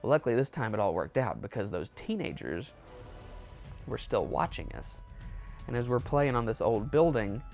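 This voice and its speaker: A man's voice: medium pitch, sing-song, moderate pace, a little mellow, soft background music. A man telling a rambling, amused story in a casual storytime monologue. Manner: rambling, amused, with self-corrections. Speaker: storyteller, show host.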